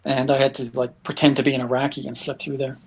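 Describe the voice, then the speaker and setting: A man's voice: medium pitch, fast talker, creaky, breathy edge. A man, a guest telling travel stories in a casual interview, breaking into chuckles. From Canada. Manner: lively anecdotes, chuckles often.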